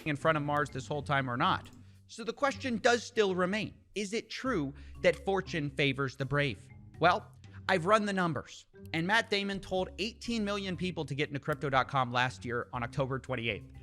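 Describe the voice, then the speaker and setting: A man's voice: a little high, animated, moderate pace, sharp tone, soft background music. A man co-hosting a casual commentary show, wry and jokey in his delivery. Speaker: co-host.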